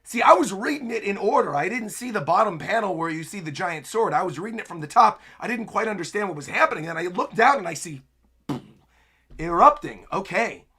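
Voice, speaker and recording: A young man reacting live to a manga chapter, narrating the panels and breaking into excited exclamations. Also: sits high, fast talker, hardly any pauses, breathy edge. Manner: narrates panels while reading aloud. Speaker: anime streamer.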